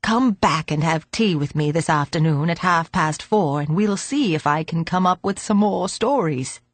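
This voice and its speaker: A woman's voice: low voice, moderate pace, dry recording. A woman reading an audiobook, voicing a very old man who speaks dryly and fretfully. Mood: kindly. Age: older. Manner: dry, fretful.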